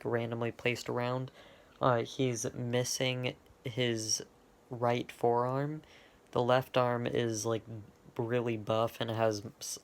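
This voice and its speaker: A man casually retells a fan-made story of his own, rambling and frequently pausing to correct himself. His voice is medium-pitched and gravelly.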